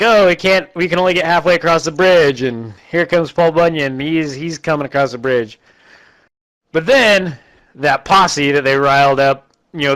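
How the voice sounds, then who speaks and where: A man casually recapping a terrible movie for laughs, animated and laughing often as he acts out lines. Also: a little high, low-quality recording. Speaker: movie reviewer.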